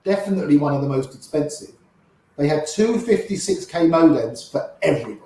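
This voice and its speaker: Telling anecdotes casually as a guest, an older man does the voices of the people in his stories and keeps the tone chatty. His slightly high voice is mellow, with lively intonation, and he talks fairly quickly. The recording room is very echoey.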